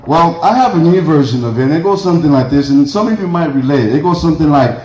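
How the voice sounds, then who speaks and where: A man's voice: on the high side, lively intonation, fast, darkish tone, slight background noise. A middle-aged man from Mexico doing a rambling stand-up comedy set, chuckling at his own jokes. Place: church hall. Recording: roomy, dull lo-fi hall recording.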